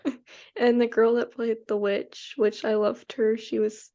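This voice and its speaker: A woman's voice: on the high side, little pitch movement, a little slow, mellow. A young woman co-hosting a podcast, chatting casually in a rambling way with many restarts. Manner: rambling, full of restarts and fillers. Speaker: podcast co-host. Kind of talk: casual chat.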